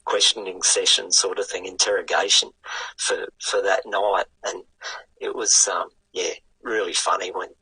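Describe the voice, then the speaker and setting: An older man with an Australian accent, a guest telling a story in a lively, casual way and swearing freely. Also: deep voice, moderate pace, husky, no echo, poor audio. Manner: animated yarn-spinning with casual swearing. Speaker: guest, retired sidecarcross racer.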